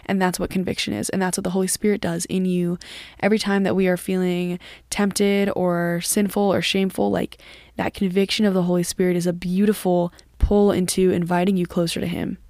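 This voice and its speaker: A woman's voice: fairly low pitch, little pitch movement, fairly quick, a little mellow, dry recording. Female host, earnest conversational devotional teaching, dry close-miked read. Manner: earnest and conversational, with frequent "like" and "literally". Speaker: podcast host.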